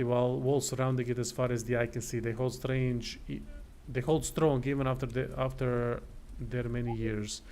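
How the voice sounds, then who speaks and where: A man's voice: medium pitch, a little mellow, a little hiss or hum. Tired, casual male streamer reading. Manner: casual, swears, stumbles over words. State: tired, yawning. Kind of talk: reading a text game aloud on a livestream.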